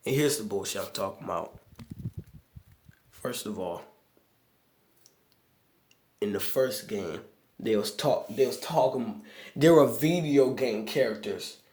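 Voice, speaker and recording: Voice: mid-range voice, echoey room. A game reviewer ranting in exasperated, profane commentary while playing, with sudden outbursts.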